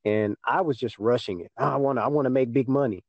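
A man's voice: medium pitch, fast, no echo, lo-fi sound. A young man from Texas in casual chat, telling a story and acting out what people said to him. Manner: storytelling, acts out dialogue with mom.

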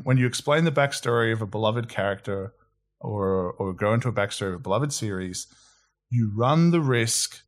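A man from New Zealand, co-hosting a casual film chat and giving opinions with quick asides. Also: mid-range voice. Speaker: podcast co-host.

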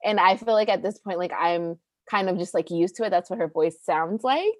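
A woman from Baltimore with a subtle Baltimore accent, chatting as a guest and telling relaxed stories. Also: fairly low pitch, normal speed, no room sound. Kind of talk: casual interview chat.

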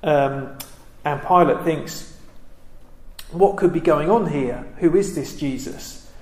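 A man giving a reflective Bible study talk, pausing often with ums and restarting his sentences. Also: a little high, a little mellow, reverberant. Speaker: Bible teacher.

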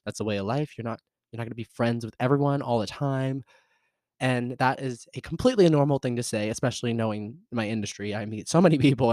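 A young man in his twenties with a Southern US accent hosts a casual solo podcast, rambling in an upbeat way with lots of fillers, laughs and theatrical jumps in pitch. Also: a little mellow, no room sound. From American South. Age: 20s. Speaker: podcast host.

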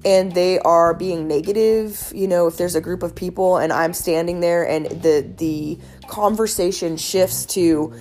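A woman giving casual wellness advice in an earnest, animated, chatty way, with many fillers. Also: on the low side, measured pace, hardly any pauses. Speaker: wellness speaker.

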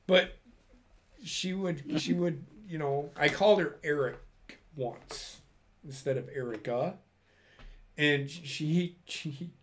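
A man with a slightly high voice tells a story from his army days in rambling, restarting sentences. He swears often and slips into other people's voices as he retells what they said. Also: slow pace, pauses often, a little hiss or hum. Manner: profane, rambling, acts out quoted people. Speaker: army veteran guest. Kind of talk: casual storytelling.

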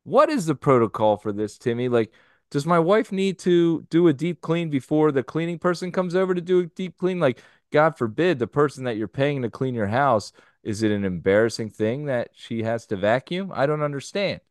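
A man's voice: fairly high pitch, lively intonation, normal speed, a little mellow, no room sound, clean studio sound. A man hosting a podcast in casual chat, easygoing and steering the topics. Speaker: podcast host.

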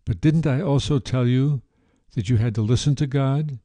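A man voicing a patient spiritual teacher who calmly reproves his student. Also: mid-range voice, normal speed, no room sound, voice pushed up, close to an everyday voice.

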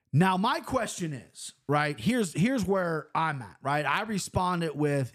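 A man's voice: sing-song, a little slow, hardly any pauses. Brash, profane man ranting on a podcast. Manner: brash, profane, ranting, swings between loud outbursts and low asides. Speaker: podcast host. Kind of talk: casual monologue.

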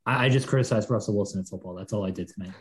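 A low-voiced man talks fast on a casual sports podcast. He rambles and swears freely over his video call. His speech comes in quick bursts. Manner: rambling and profane. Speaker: panelist.

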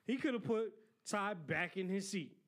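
Animated high-voiced man ranting. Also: moderate pace. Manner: animated, emphatic, repeats "listen". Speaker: podcast co-host. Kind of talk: heated casual sports chat.

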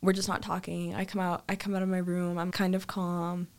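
Animated young woman telling a story. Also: fairly quick, smooth. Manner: animated, acts out quotes with big pitch jumps. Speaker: guest. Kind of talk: casual storytelling.

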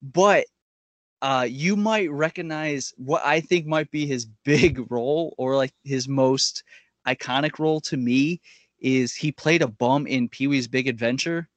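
A man's voice: mid-range voice, a little slow, dry recording. A man co-hosting a podcast in casual chat, jokey and playful. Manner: jokey, does goofy voices and mock ads. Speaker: podcast co-host.

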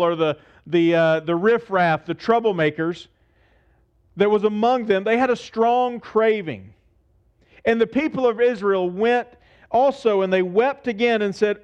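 Man preaching, lively storytelling sermon, high voice, muffled lo-fi sound. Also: a little slow. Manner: animated preaching, acts out voices. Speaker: pastor.

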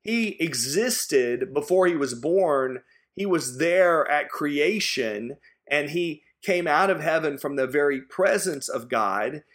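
A man's voice: fairly high pitch, animated, slow pace, a bit bright. A man preaching a sermon, earnest and emphatic, driving points home with repetition. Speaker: pastor.

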